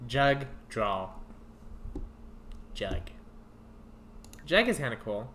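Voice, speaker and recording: A woman streaming a game, thinking out loud in a casual, musing way, trying out names and giggling between thoughts. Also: a bass voice, slight background noise. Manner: muses aloud, trying out names, quick to giggle. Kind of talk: casual gameplay commentary.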